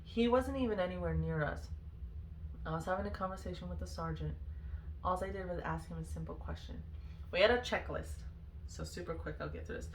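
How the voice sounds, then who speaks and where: A woman's voice: fairly low pitch, a little fast, a little hiss or hum. A woman, a former Marine, telling stories in a candid, exasperated, freely swearing vlog style. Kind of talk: casual storytelling vlog. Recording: roomy echo.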